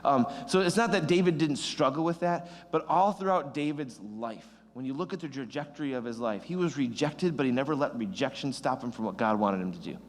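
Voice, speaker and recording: Chatty young youth pastor in a big hall. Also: male voice, mid-range voice, fairly quick, hardly any pauses. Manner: rambling, self-deprecating, animated. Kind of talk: youth sermon, casual and joking.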